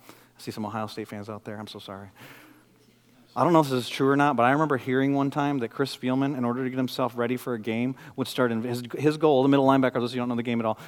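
A middle-aged man from the Detroit area, a pastor preaching a sermon, moving between loud, intense passages and quiet, intimate ones. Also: medium pitch, big-room sound. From Detroit area, USA.

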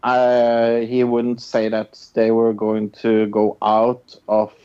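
A man's voice: medium pitch, monotone, takes it slowly, warm tone, clear, resonant tone. A man co-hosting a podcast in casual chat, hesitant and full of fillers and restarts. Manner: hesitant, full of filler sounds and repeated words. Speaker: podcast co-host. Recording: dull lo-fi recording.

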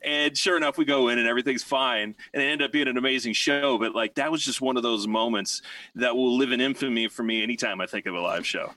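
Man, rambling animated storyteller, lots of fillers, dry voice, a bit distant from the mic. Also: mid-range voice, fast, no room sound. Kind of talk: casual storytelling chat.

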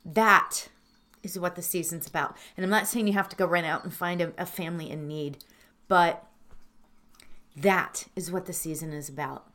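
A woman introducing a guided meditation, speaking earnestly and emotionally, halting and teary with soft laughs. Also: lowish voice, fairly even intonation.

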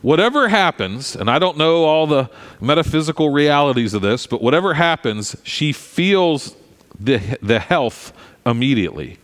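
A man's voice: on the high side, normal speed. Man preaching in a reverberant hall. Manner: conversational, animated preaching with asides. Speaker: pastor. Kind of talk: sermon.

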